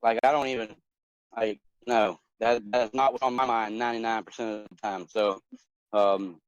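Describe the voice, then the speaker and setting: A man's voice: lowish voice, steady tone, moderate pace, no echo. A man in his forties chatting casually over a phone call, rambling with many fillers and restarts. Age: 40s. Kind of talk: casual chat. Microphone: phone on a voice chat app. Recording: dull lo-fi phone audio.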